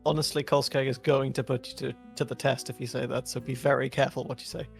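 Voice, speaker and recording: A man playing a tabletop game in character, explaining slowly and thoughtfully. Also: mid-range voice, little pitch movement, vocal fry, faint music behind. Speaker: player.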